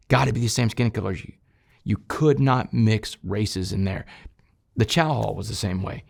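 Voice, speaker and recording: Guy with a raspy gritty voice telling his story, goes loud then real quiet, talks to "y'all". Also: expressive, moderate pace. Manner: swings from loud emphatic bursts to low, quiet passages; addresses listeners directly as "y'all". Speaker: interview guest recounting his past. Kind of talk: emotional personal storytelling.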